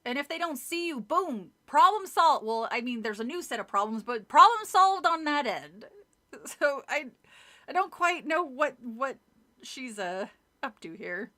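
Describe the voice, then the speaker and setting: A woman's voice: sits high, big pitch swings, unhurried, pushed and bright. A woman streamer reading a children's book aloud and chatting casually, joking, swearing and laughing at the story.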